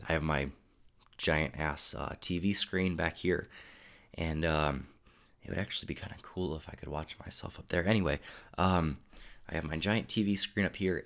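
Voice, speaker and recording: Young male streamer, very low gravelly voice, congested, loose rambling chat. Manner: relaxed, rambling, reads chat aloud. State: congested, sniffling. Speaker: photography live streamer. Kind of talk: casual live stream chat. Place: home desk room.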